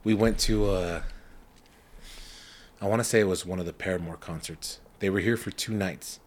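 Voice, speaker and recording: A young man co-hosting a casual podcast, telling profane stories with lively impressions of the people in them. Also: deep voice, normal speed. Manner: profane storytelling, animated impressions. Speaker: podcast co-host. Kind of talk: casual chat.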